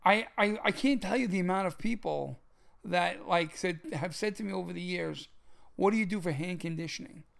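A man co-hosts a casual martial arts talk show. His voice sits high and carries a heavy gravelly fry. He explains things emphatically, often repeating words as he goes. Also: normal speed. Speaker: podcast co-host.

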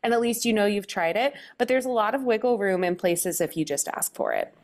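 A woman guest, a book co-author, giving upbeat and animated interview answers. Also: medium pitch, brisk.

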